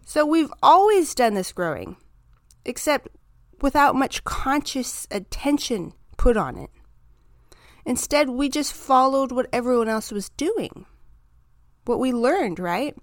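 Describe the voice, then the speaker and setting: A woman hosting a self-help podcast, talking through her ideas in a calm, reflective, encouraging monologue. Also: high voice, slow, no echo, clean studio sound. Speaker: podcast host.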